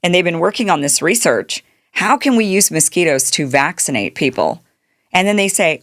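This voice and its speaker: A woman's voice: on the low side, very animated, normal speed, fairly bright tone, no room sound, clean studio sound. A middle-aged woman hosting a political commentary show, talking in a sarcastic monologue and mocking the people she quotes. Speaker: show host.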